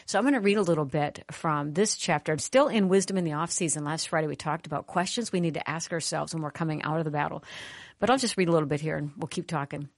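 Middle-aged female talk host, low voice, earnest storyteller with a preacher's turn, dry close sound. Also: fast, no echo. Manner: earnest, conversational, animated in retelling. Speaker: Christian radio host and author. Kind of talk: personal storytelling with spiritual teaching.

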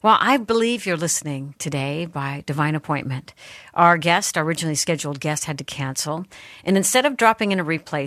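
A woman's voice: deep voice, a bit bright, no echo. A middle-aged woman hosting a faith talk radio show, speaking in an earnest, heartfelt way that is a little teary. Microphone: studio microphone.

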